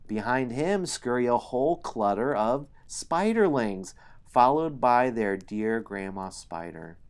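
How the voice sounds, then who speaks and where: A man narrates a dungeon adventure for a game stream at an unhurried pace. His voice sits in a middle pitch, and he moves between storytelling and a casual walk through the game sheets. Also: animated, clear, resonant tone.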